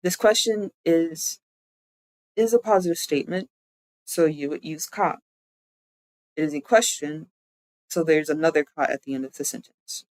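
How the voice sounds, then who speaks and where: Live-streamed lesson, patient step-by-step explaining, slow repeated words, mid pitch, dry close mic. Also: a little mellow, no echo, poor audio. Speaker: VTuber streamer.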